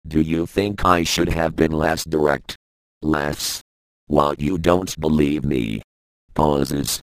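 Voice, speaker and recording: Very deep, slow, deadpan man. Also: clean tone, no echo. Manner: deadpan, dull delivery. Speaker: comedian reading a stand-up script. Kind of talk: scripted stand-up read aloud with stage directions.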